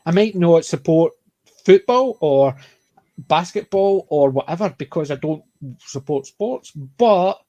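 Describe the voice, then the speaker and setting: Emphatic Scottish man, fairly high voice. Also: expressive, measured pace, warm tone, no echo, dull audio. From Scotland. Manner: emphatic, opinionated, with frequent restarts. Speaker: podcast panelist. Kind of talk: casual panel discussion.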